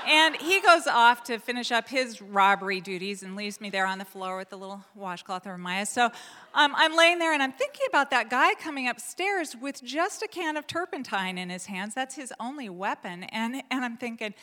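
A woman from Portland, Oregon, telling a personal story live on stage in a lively, animated way, full of fillers and restarts. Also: a little high, moderate pace. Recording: long hall reverb.

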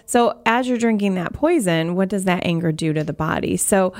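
A woman's voice: on the low side, lively intonation, normal speed, darkish tone. A woman, a guest acupuncturist, earnestly explaining health ideas on a radio talk show.

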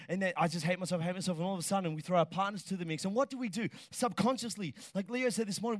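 A middle-aged man delivers a sermon in a high, lively voice. He jokes, then rises to shouted emphasis. The sound is close and dry, with no room around it. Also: no echo. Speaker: pastor.

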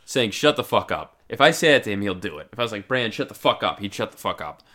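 A man co-hosting a comedy podcast, talking loud and profane and laughing often. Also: lowish voice, big pitch swings, fast talker. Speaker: podcast co-host. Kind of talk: casual comedic chat.

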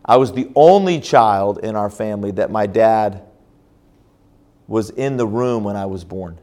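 A man's voice: fairly low pitch, measured pace, dark tone. A man preaching as a pastor at a church conference, telling a personal story with frequent restarts and fillers. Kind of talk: sermon testimony.

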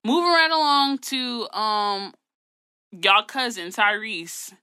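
A woman's voice: medium pitch, animated, slow, bright, forceful tone, smooth, no room sound. A woman co-hosting a casual gossip chat, sassy, blunt and profane. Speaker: podcast co-host.

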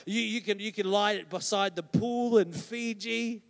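A man's voice: high voice, a little slow, creaky. A man preaching a sermon as pastor, conversational and emphatic, often checking in with "right?". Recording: long hall reverb.

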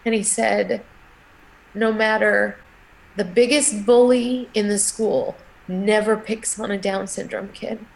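A middle-aged woman, a guest in an interview, telling a personal story in a halting, emotional way with many restarts. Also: mid-range voice, fairly even intonation, gravelly, low-quality recording.

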